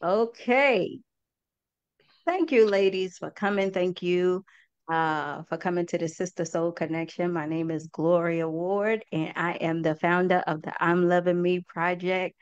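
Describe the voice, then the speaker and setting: A woman's voice: fairly low pitch, fairly even intonation, measured pace, smooth, no echo, lo-fi sound. A woman hosting a group talk for an online audience, speaking in a heartfelt, folksy way and often calling her listeners "y'all". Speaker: host and project founder.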